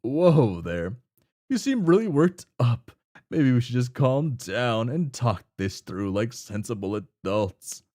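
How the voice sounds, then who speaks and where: A man's voice: medium pitch, very animated, slow, mellow, pitched below the performer's own voice. A man voicing a cheerful, clueless young man who talks in folksy old-fashioned slang while reading a webcomic aloud. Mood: placating. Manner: folksy, upbeat, oblivious.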